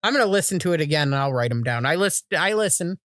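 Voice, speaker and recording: A woman co-hosting a casual chat podcast, talking in animated bursts, swearing freely and acting out what people said. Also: low-pitched, fast, no echo, studio quality. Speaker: podcast co-host. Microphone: podcast microphone.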